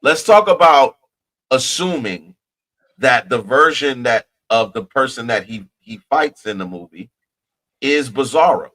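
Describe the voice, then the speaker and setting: A man's voice: medium pitch, expressive, measured pace, a bit bright, rough recording. A man from New Jersey co-hosting a podcast, chatting casually about movies with lots of restarts and repeated words. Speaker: podcast co-host.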